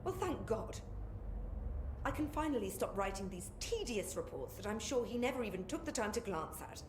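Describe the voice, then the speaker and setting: A man's voice: high-pitched, big pitch swings, moderate pace. An actor playing a dry, sarcastic male scientist in a game, with a British accent. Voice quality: dry, sardonic. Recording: game audio with roomy echo and noise.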